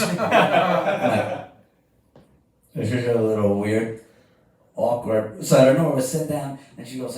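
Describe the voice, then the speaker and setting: A man's voice: medium pitch, expressive, moderate pace, pauses often, darkish tone. A man doing a crude stand-up set, telling a story and acting out both sides of the dialogue. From New York. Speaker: stand-up comedian. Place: comedy club stage before a live crowd. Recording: echoey room, distant mic.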